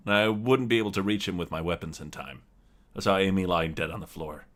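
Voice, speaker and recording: A man with a very low voice narrates his character's actions in first person during a tabletop story game. He tells it in a steady, descriptive way. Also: a little fast.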